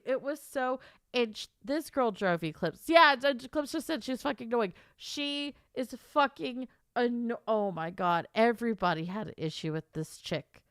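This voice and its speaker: A young American woman streamer telling a gossipy story in casual chat, animated and full of exaggerated quoted asides. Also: on the high side, unhurried, clear, resonant tone, no echo, clean studio sound.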